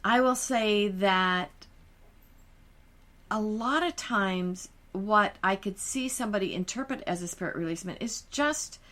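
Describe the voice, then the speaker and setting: A woman's voice: mid-range voice, unhurried, a bit bright. A woman co-hosting a podcast, a hypnotherapist chatting about her sessions in a confident, breezy and emphatic way. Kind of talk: casual podcast chat.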